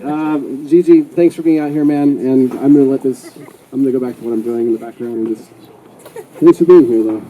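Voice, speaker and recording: A man's voice: medium pitch, a little fast, phone-quality sound. A man addressing a gathering outdoors, hesitant and full of fillers as he introduces the next speaker. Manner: hesitant, many fillers and restarts.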